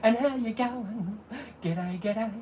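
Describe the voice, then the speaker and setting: A chatty man runs a casual livestream, rattling off hellos to viewers by name. He talks in a relaxed, unhurried way and keeps breaking into laughter. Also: high voice, slight background noise. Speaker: livestream host.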